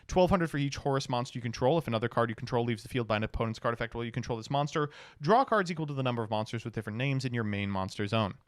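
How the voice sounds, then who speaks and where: A streamer reading card text aloud in a casual review, stopping for blunt, swearing reactions. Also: male voice, medium pitch, dry recording, studio quality.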